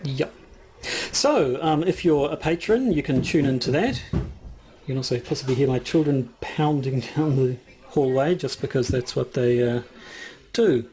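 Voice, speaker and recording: A man's voice: mid-range voice, normal speed, mellow, slight background noise. A man co-hosting a podcast, chatting casually with a rambling, hesitant way of talking, full of fillers and restarts. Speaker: podcast co-host. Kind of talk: casual chat.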